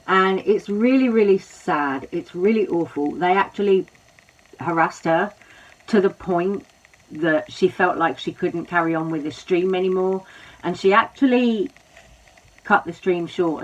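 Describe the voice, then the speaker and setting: A woman's voice: lowish voice, measured pace. A woman hosting a commentary video, speaking sympathetically and rambling with many "you know" fillers. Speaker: commentary host. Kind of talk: commentary talk. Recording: dull lo-fi audio.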